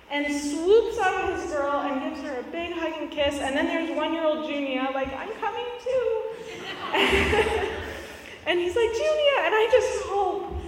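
A woman's voice: sits high, fairly bright tone, slight background noise. A woman in her thirties preaching a sermon as a pastor, telling a family story with playful asides. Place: church sanctuary. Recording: echoey hall from far off.

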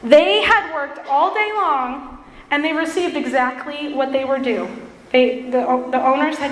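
A woman's voice: high voice, measured pace, fairly bright tone, slight background noise. A woman preacher giving a sermon, earnest and self-deprecating, with playful asides. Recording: echoey hall with long reverb.

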